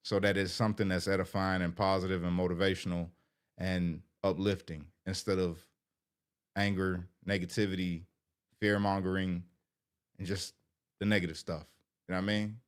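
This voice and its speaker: A man's voice: low voice, level tone, normal speed, smooth. Earnest, emotional man talking to his viewers. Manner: earnest, emotional, rambling, says "you know" a lot. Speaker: vlogger. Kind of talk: heartfelt casual talk to viewers.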